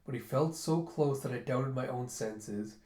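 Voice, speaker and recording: A man's voice: medium pitch, a little slow, dark tone, natural voice. A man voicing an earnest, formal young male dragon warrior devoted to his princess, in a comic-book reading. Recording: roomy echo.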